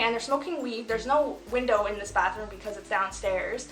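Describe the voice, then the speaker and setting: Young woman in her 20s telling a story, lotta "like"s, laughy, bright kinda high voice, echoey room w/ faint music. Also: moderate pace, hardly any pauses. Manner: chatty, filler-heavy, laughs through the story. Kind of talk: casual story time chat.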